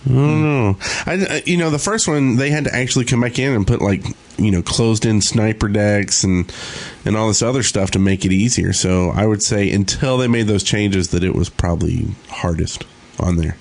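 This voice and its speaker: A man's voice: on the low side, moderate pace, hardly any pauses. A man co-hosting a casual gaming podcast, rambling in a laid-back way with lots of fillers. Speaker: podcast co-host.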